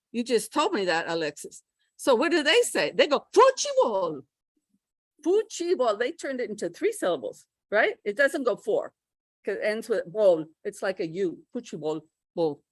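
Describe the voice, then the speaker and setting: A middle-aged woman giving a pronunciation workshop, lively and often checking in with her listeners. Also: on the high side, normal speed, no room sound. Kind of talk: lecture to English teachers.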